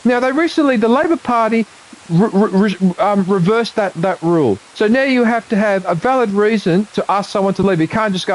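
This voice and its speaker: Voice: mid-range voice, very animated, fairly quick, low-quality recording. Swearing, indignant Australian vlogger. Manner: indignant, swearing often, repeating points. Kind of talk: angry monologue to camera.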